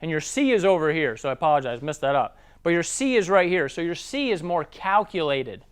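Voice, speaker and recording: This sales trainer is a Southern man who seems to be a young adult, and his voice is high, smooth and resonant. Very animated, he coaches a room on sales in an easygoing seminar style, repeatedly dropping into rapid impressions of customers.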